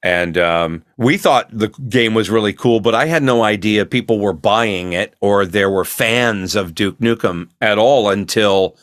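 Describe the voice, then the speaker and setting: A relaxed older man with a low voice, recorded dry and close over a video call. He tells stories in a loose, rambling way and slips into quoted voices now and then. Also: dry recording. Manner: laid-back rambling storyteller, acts out quoted lines. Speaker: voice actor guest. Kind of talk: casual storytelling chat.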